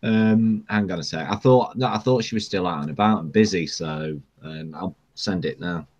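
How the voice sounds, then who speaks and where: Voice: low-pitched, darkish tone, dull audio. A participant in a casual group voice chat who laughs often. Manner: giggly, slow and chatty.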